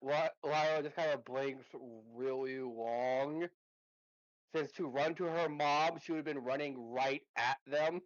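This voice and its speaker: A man's voice: fairly high pitch, steady tone, slow pace, dry recording. Blunt, swearing man on a dull mic. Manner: blunt and profane. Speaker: player. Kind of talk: casual banter at a game table.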